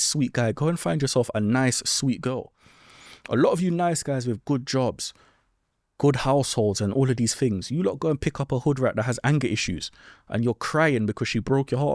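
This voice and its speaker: A young man talks straight into the mic, blunt and lecturing, as he hands out advice on his own podcast. His voice sits at an ordinary middle pitch, and the sound is close and dry with no room around it. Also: darkish tone, no room sound. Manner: blunt, lecturing, keeps asking "do you understand?". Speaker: podcast host. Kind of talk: solo advice monologue.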